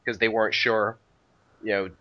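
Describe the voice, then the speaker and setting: A man's voice: lowish voice, level tone, moderate pace, lo-fi sound. A man co-hosting a casual podcast about video game history, rambling with many restarts and "you know" fillers. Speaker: podcast co-host.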